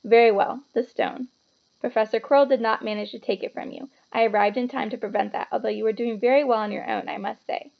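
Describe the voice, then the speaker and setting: A woman voicing a kindly old male headmaster wizard in a storybook, calm and gently formal with a wry touch. Her voice is slightly gravelly and the recording a bit muffled. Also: fairly high pitch, fast. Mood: gentle.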